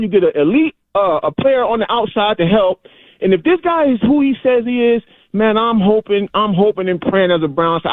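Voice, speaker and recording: A man's voice: sits high, no echo. A man calling into a sports radio show, giving an earnest, preachy fan rant. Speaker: caller. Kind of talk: sports talk radio call. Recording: tinny phone line.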